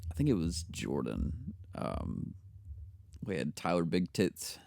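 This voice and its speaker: His voice is low and creaky with huge pitch swings, and he speaks slowly in clean studio sound with no room echo. This young podcast co-host spins crude work anecdotes in relaxed chat, cursing freely, performing the characters and breaking into loud laughing impressions.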